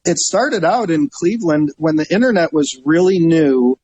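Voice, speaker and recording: A middle-aged man with a slightly high voice tells stories in a relaxed interview. He acts out the people he describes and laughs often. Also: normal speed, slightly rough, muffled recording. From Northeast Ohio. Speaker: guest, travel website owner. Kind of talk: casual storytelling interview.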